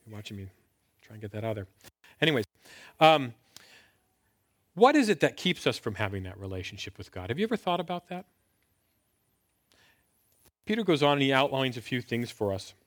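With a sing-song, mid-range voice, a man in his thirties speaks briskly but leaves long pauses. He's a pastor giving a conversational sermon in a filmed indoor talk, full of rhetorical questions and emphatic rises on key words.

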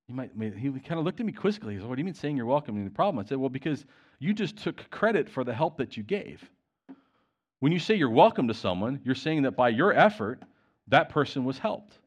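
A man delivering a sermon at an everyday middle pitch. His voice rises and falls a great deal as he retells conversations and reads passages aloud. The delivery stays animated and conversational throughout. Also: a little fast, husky, lo-fi sound. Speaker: preacher.

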